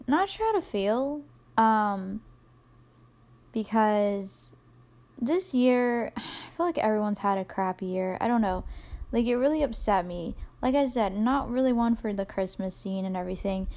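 A woman's voice: a little high, lively intonation, moderate pace, darkish tone. A young adult woman hosting a solo podcast, rambling casually and self-deprecatingly with plenty of fillers. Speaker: podcast host.

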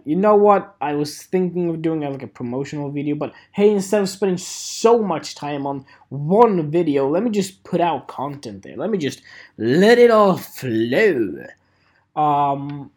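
A man's voice: on the high side, darkish tone. A man in his twenties hosting a solo podcast, rambling in a joking, self-mocking way with fillers and swearing. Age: 20s. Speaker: podcast host.

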